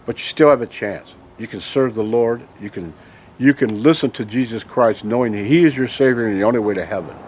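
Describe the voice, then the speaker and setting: A man's voice: medium pitch, a little fast, a little mellow, breathy edge. An angry man delivering a ranting monologue to his viewers, full of emphatic rhetorical questions and tag "okay?"s. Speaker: video blogger.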